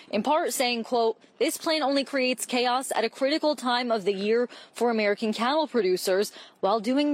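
A woman TV news reporter delivering a measured broadcast report. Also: a little high.

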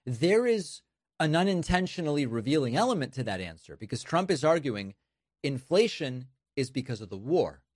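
A man's voice: medium pitch, big pitch swings, normal speed, darkish tone, no room sound, clean studio sound. A man giving sarcastic political commentary on news clips, mocking what he plays.

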